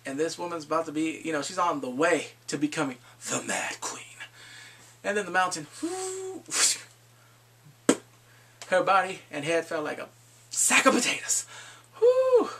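A man reviews a TV episode in a loose vlog recap, his voice sitting a bit high with a gravelly edge. He gets worked up, swears often, and slips into quick impressions of the characters. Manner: excitable, profane, acts out quoted lines.

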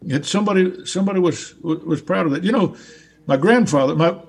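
A man with a Southern US accent talks in a husky, somewhat high voice. He tells stories loosely, circling back and repeating words as he restarts his sentences. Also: brisk. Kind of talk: casual storytelling conversation.

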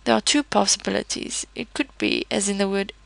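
A woman teaching a pronunciation lesson, explaining patiently with pauses, fillers and small self-corrections. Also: medium pitch, gravelly, dry recording, rough recording. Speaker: French teacher.

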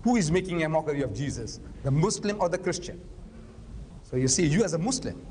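An older man holds the floor at a public lecture, pressing his point with forceful, argumentative rhetorical questions. His voice sits high for a man. A long reverb trails off him in the hall. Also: animated, brisk, slight background noise.

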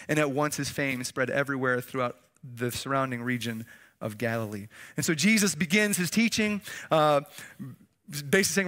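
A male pastor preaching with a high, lively pitch. His voice is bright and forward, and he talks to the congregation conversationally, sinking low and soft to stress key phrases. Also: normal speed. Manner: conversational preaching with audience call-and-response. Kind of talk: sermon.

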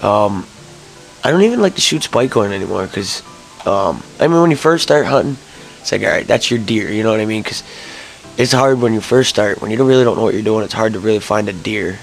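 A young man telling a rambling story to camera, early in the morning, swearing and jumping to high yelps when he gets excited. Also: fairly quick, vocal fry, soft background music, low-quality recording. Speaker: vlogger.

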